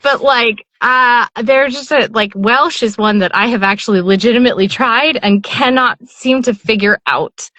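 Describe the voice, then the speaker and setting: A woman's voice: fairly high pitch, moderate pace, hardly any pauses, pushed and bright, no room sound. Chatty middle-aged woman, dry close sound. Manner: chatty, rambling with many fillers and restarts. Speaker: audiobook narrator guest. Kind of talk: casual interview chat.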